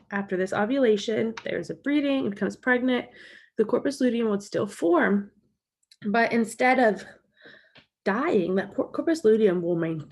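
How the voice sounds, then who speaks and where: A woman's voice: medium pitch, husky. A woman explaining a topic as a college lecturer in a recorded lecture, walking through slides and recapping key points.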